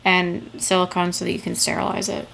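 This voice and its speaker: A woman's voice: fairly low pitch, monotone, a little fast, creaky, a bit bright. A woman, a guest in a casual interview, explaining the technical side of her work step by step. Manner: explains step by step, many "like" fillers. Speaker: guest, toy maker. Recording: faint background noise.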